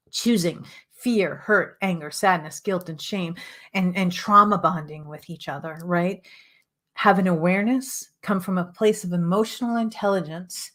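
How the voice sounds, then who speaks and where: Middle-aged lady coaching on relationships, kinda hoarse, lowish voice, earnest and repetitive. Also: a bit bright. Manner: earnest, repetitive, with frequent "right?" asides. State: losing her voice. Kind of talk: motivational teaching monologue.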